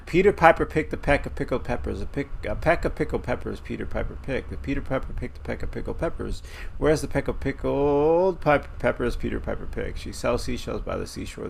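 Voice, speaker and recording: A man's voice: medium pitch, creaky, a little hiss or hum. A man streaming a game live, chatting playfully and laughing as he stumbles over tongue twisters. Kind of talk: live gameplay commentary.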